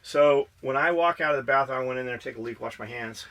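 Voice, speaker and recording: A man's voice: mid-range voice, fast, fairly bright tone, highs cut off. A man co-hosting a podcast, telling stories in a blunt, profane, fired-up way. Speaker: podcast co-host. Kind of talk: casual podcast chat.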